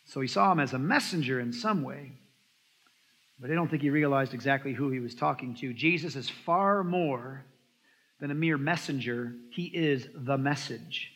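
A man preaching a sermon as pastor, emphatic, swinging between loud and soft and slowing down on key phrases. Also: mid-range voice. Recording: echoey hall with long reverb.

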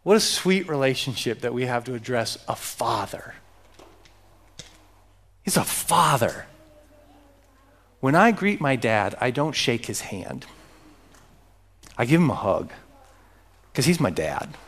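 A man's voice: medium pitch, big pitch swings, a little slow. A man preaching a sermon as pastor, emphatic and joking with his congregation.

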